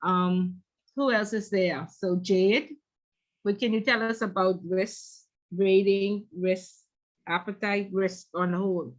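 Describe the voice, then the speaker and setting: Teaching students online, this instructor mixes questions with stories, keeping a chatty, teasing manner. She speaks slowly at medium pitch with fairly even intonation, heard through dull, lo-fi video call audio.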